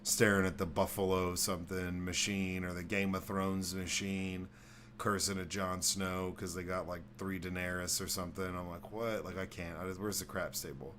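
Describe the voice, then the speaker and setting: A man's voice: deep voice, level tone, normal speed, fairly bright tone, slight background noise. A man, hosting a podcast in casual chat and telling rambling, profane stories. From Texas. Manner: rambling storyteller who acts out voices, swears freely. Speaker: podcast host.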